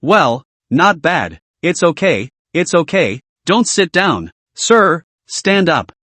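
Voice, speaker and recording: A man voicing a calm, teasing male immortal master with a relaxed, easygoing way of talking. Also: a little high, slow, no echo, exaggerated voice. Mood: amused.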